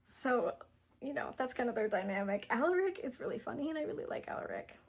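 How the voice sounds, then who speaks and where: A woman's voice: on the high side, lively intonation, quick pace, creaky, husky. A young woman casually retelling a book's plot, rambling with lots of fillers and giggles. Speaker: book reviewer.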